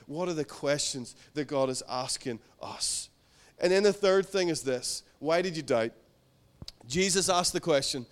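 A man's voice: fairly high pitch, moderate pace. A man preaching a sermon, earnest and building to fervent passages. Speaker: pastor.

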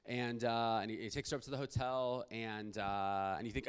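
A man's voice: on the low side, fairly even intonation, normal speed, clear, resonant tone. A man preaching, telling a long story with many restarts and fillers. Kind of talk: sermon storytelling.

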